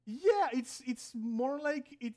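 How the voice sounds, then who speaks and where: A man's voice: very high-pitched, animated, slow pace, dark tone. A man narrating as game master in a tabletop game, casual and full of fillers and swearing.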